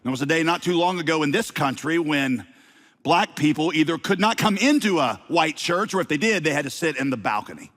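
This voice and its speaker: A middle-aged man with a slight Southern accent, preaching a sermon to his congregation with lively delivery and playful asides. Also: a little high, brisk. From Southern United States. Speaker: pastor.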